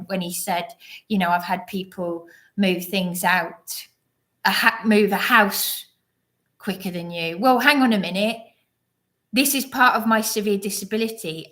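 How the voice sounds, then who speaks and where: Woman vlogging, slow and rambly, keeps restarting and saying sorry, bright edgy voice. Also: fairly high pitch. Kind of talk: casual monologue to camera.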